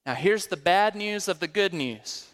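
The sermon comes from a man with a high-sitting, slightly bright voice who speaks expressively and a little slowly. This pastor moves through scripture one verse at a time, asking rhetorical questions and building to emphatic climaxes, with long hall reverb on the recording.

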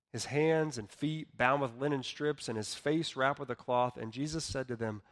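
A man preaching a sermon as pastor, earnest, dropping soft and then rising loud for emphasis. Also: medium pitch, normal speed, long reverb tail. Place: church hall.

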